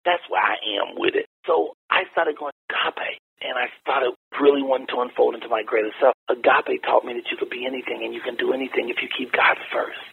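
An older man telling his story in an interview, talking bluntly and with animated, preacher-like emphasis. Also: a little fast, gravelly, hardly any pauses, slightly rough. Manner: animated, preacher-like emphasis with wide pitch swings; folksy and blunt, laughs while talking. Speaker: interview guest. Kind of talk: candid conversational storytelling. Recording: tinny phone-like lo-fi line.

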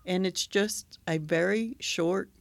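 Guy cohosting a chatty podcast, gravelly, dry close sound, rambles and explains stuff. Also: high voice, slow pace, a bit bright, no echo. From Oklahoma, US. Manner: chatty, laughs often, explains at length. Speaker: podcast co-host. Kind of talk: casual chat.

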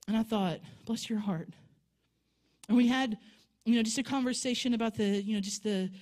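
A woman's voice: fairly high pitch, a little mellow. A woman preaching a sermon in a church sanctuary, telling a story and building to fervent exhortation.

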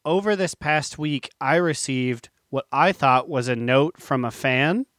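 A man co-hosting a podcast in casual chat, easygoing and quick to laugh. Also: mid-range voice, fairly bright tone, dry recording, studio quality. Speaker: podcast co-host.

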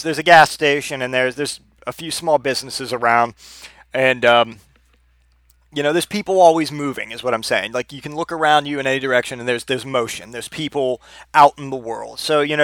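A man's voice: mid-range voice, fairly bright tone, no echo. A man in his thirties telling a personal story in a rambling, profane way, often repeating words. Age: 30s.

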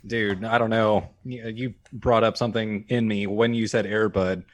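A man's voice: lowish voice, level tone, normal speed. A young man in casual podcast chat, searching for words and swearing freely.

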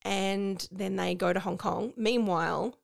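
Wry Australian woman, gravelly edge. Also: medium pitch, a little slow. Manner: wry, storytelling recap. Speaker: podcast co-host. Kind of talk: casual film recap chat.

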